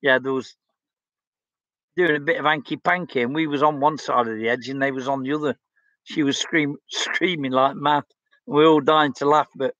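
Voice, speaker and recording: A man's voice: a little high, pushed and bright, no echo, muffled recording. A blunt, outspoken man, chatting casually as he reads out viewer comments on his stream. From England. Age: 60s. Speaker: livestream host.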